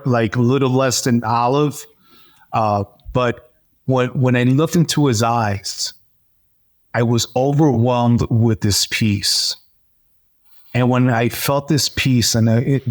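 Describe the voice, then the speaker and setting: A man as an interview guest, telling a personal story in a lively, animated way, with frequent fillers and restarts. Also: mid-range voice. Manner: animated storyteller, acts out dialogue. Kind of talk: personal testimony in conversation.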